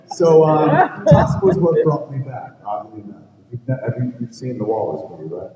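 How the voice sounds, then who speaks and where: A man's voice: mid-range voice, big pitch swings, moderate pace, background noise. Profane man rambling in echoey hall. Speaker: filmmaker guest at a fan convention panel. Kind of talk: live convention Q&A storytelling. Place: large convention hall with live audience. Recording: echoey hall recorded from far off.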